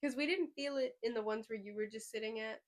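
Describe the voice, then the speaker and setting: A woman hosting a podcast in casual chat, rambling and excitable, often trailing off mid-sentence. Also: fairly high pitch, fast talker. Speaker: podcast host.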